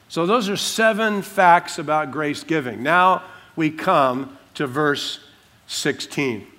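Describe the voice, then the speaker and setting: A man preaching an expository sermon as pastor, emphatic, slowing down to stress key words. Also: fairly high pitch, fairly bright tone.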